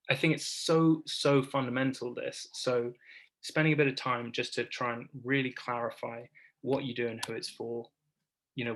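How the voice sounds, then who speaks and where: A man's voice: mid-range voice, poor audio. A man leading an online workshop over a video call, chatty and self-deprecating, with many restarts. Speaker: workshop speaker.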